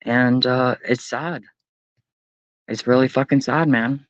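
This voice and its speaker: A man's voice: mid-range voice, steady tone, slow pace, no echo, lo-fi sound. A man hosting a late-night livestream, talking earnestly and rambling, often swearing. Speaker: livestream host.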